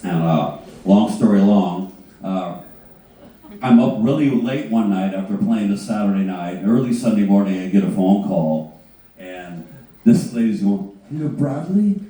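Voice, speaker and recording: A man, a guitarist on a panel, telling an animated, profane anecdote with halting restarts. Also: sits low. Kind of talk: anecdote storytelling. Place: panel on a cruise ship. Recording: distant mic, very echoey room.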